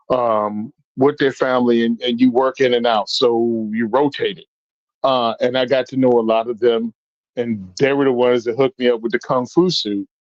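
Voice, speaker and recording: A man telling stories in an easy, animated way, his voice in a middle register. The sound is dull and dry, close to the mic with no room around it. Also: medium pitch, dry recording. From Virginia, US South. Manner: animated, jumps into funny voices. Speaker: guest. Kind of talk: casual storytelling.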